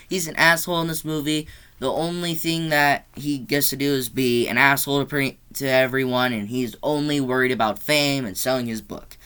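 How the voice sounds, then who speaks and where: Bright, clear-voiced man ranting about movies. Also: moderate pace. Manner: blunt, animated ranting with rising pitch when exasperated; loose, rambling delivery with restarts. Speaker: movie reviewer. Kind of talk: casual movie review vlog.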